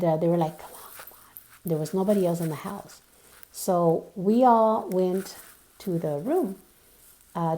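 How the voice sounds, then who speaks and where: A woman's voice: mid-range voice, dark tone. A young woman vlogger casually telling a personal story, rambling with lots of "like" and "you know".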